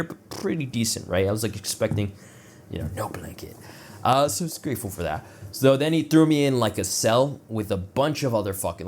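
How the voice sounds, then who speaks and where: A man's voice: on the low side, a little hiss or hum. A young man telling a personal story in casual, rambling talk, full of filler words and swearing, acting out the other people in it. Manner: rambling, profane, heavy filler words, laughs at his own jokes; acts out other people's lines in quoted voices. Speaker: vlogger.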